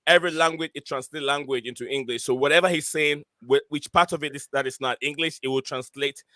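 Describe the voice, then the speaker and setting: A man hosting a live football review stream, talking in an excited, rambling way with many fillers. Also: fairly high pitch, fast, dry recording. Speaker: host.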